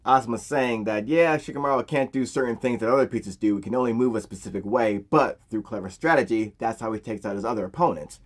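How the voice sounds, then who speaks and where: A man's voice: lowish voice, fairly quick, husky. A man casually retelling an anime story in a slangy, conversational way. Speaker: anime recap narrator.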